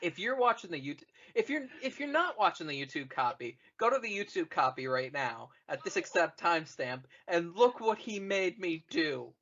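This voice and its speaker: A man's voice: fairly high pitch, sing-song, fairly quick, hardly any pauses, bright, forceful tone. Sarcastic man on a lo-fi podcast. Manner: sarcastic, swears, mock-exasperated asides. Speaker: podcast co-host. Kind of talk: casual comedic podcast chat.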